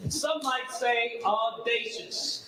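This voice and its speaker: A man's voice: extremely high pitch, fairly even intonation, slow pace, echoey room, noisy background. A middle-aged man from the American South, a charity founder giving an enthusiastic, folksy welcome speech at an event. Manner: enthusiastic, folksy, rhetorical questions.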